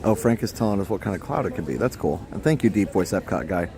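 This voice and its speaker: A man's voice: sits low, expressive, quick pace, a crowd in the background. A man hosting a casual live stream from a theme park at night, chatting and reading out viewer comments.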